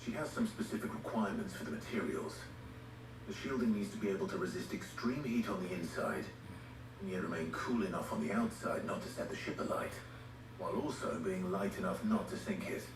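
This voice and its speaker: An actor playing a composed young male swordsman who explains things calmly and earnestly. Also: deep voice, brisk, music in the background, close to an everyday voice. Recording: echoey game audio from a TV, heard from far off.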